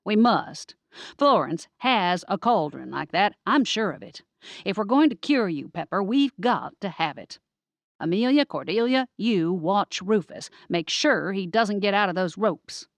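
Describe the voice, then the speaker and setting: Woman doing a brisk, bossy older woman. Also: medium pitch, animated, no room sound. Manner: brisk, commanding.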